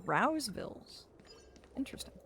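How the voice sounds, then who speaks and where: A woman's voice: a little high, big pitch swings, moderate pace, creaky, a bit bright, slight background noise. A woman streaming a game live, chatting playfully and reading game lines aloud as she plays. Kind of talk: live gameplay commentary. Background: game music.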